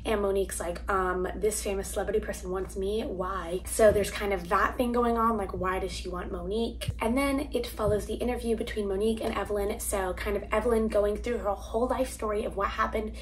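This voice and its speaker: A woman's voice: medium pitch, fairly even intonation, a little fast, hardly any pauses. Teen girl booktuber, casual rambling chat, faint household noise behind. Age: teens. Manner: chatty, rambling, lots of "like" fillers. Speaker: book vlogger. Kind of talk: casual reading wrap-up chat. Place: home, family noise nearby.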